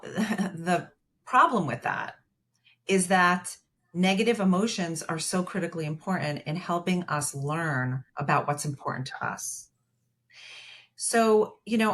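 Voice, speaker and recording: Woman therapist, podcast guest, lowish voice, chatty, filler-heavy explainer. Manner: explains at length with many fillers, retells client dialogue. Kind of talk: conversational podcast interview.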